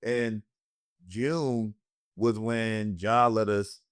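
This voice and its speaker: A man's voice: lowish voice, steady tone, extremely slow, clear, resonant tone. A young man, a comedian hosting a casual podcast, telling profane stories with bursts of put-on voices. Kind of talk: casual storytelling chat.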